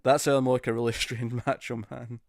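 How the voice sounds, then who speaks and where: A British man chatting live with his viewers in a loose, joking way, often breaking into laughter. His voice sits at an ordinary middle pitch. It sounds close and dry, with no room around it. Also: level tone, moderate pace, gravelly, no echo. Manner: laughing, jokey, attempts bad celebrity impressions. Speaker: streamer host. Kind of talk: casual live-stream chat.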